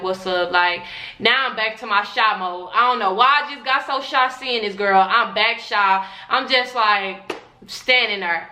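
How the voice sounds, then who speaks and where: A young woman vlogger telling a storytime in a casual, slangy, animated way, acting out whispered quotes. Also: fairly high pitch. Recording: echoey room.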